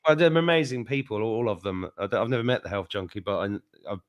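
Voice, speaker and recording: A man's voice: on the low side, lively intonation, fast. A man guest in a casual chat, earnestly praising the host, repeating himself and swearing now and then.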